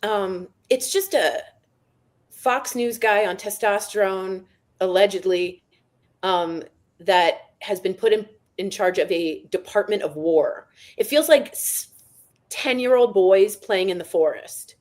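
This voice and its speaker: A woman co-hosting a comedic news podcast, candid and sarcastic in casual chat. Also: mid-range voice. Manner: candid, sarcastic, quick to laugh. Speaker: podcast co-host.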